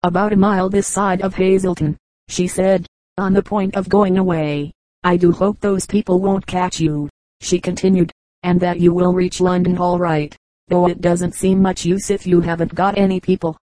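A woman's voice: fairly low pitch, little pitch movement, normal speed, dark tone, dry recording, lightly acted, low-quality recording. A woman reading the lines of a polite, eager young girl who speaks in an earnest, well-spoken way.

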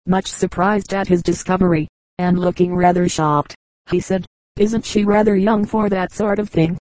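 Female audiobook reader, low mellow tone, dry close sound, steady joke-book delivery. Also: no room sound, low-quality recording. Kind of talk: reading aloud a joke book.

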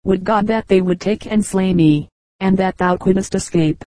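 A woman's voice: mid-range voice, moderate pace, warm tone, dry recording, close to an everyday voice, rough recording. A woman reading the lines of a fearful, weeping queen in an audiobook, plaintive and formal. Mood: lamenting.

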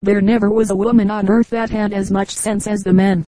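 A woman reading the lines of a blunt, stubborn older riverboat captain with a hoarse, deep voice. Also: flat delivery, a little fast, mellow, no room sound, natural voice, low-quality recording. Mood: blunt, firm. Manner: blunt, firm retorts.

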